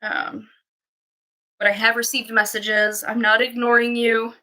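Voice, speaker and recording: A woman with a bright, slightly high voice chats casually on a livestream. She is a dog breeder, and between remarks to viewers she drifts into sing-song baby talk with her puppies. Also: level tone, measured pace, low-quality recording.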